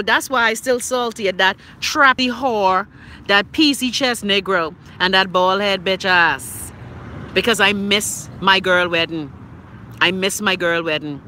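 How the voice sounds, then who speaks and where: Hosting a casual phone live stream, a Bahamian woman reads out viewer comments with blunt, profane exasperation and sharp pitch swings. There's slight background noise.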